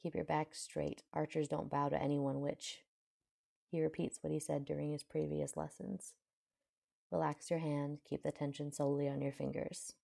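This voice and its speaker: A woman's voice: low voice, little pitch movement, normal speed, mellow, heavily acted. A woman reading a brash young barbarian prince. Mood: gruff. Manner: gruff, curt, swearing.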